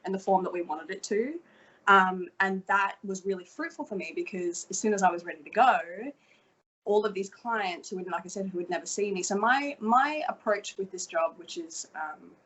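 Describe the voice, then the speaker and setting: A woman's voice: medium pitch, moderate pace, a bit bright, slightly rough, poor audio. A woman in her thirties with an Australian accent, chatting energetically as a podcast guest and swearing casually. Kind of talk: casual interview chat.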